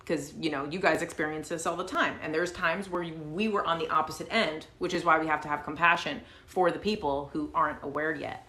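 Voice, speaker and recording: A woman host casually telling a story to her viewers, animated and swearing freely, with lots of fillers. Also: sits low, brisk. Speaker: channel host. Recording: roomy echo.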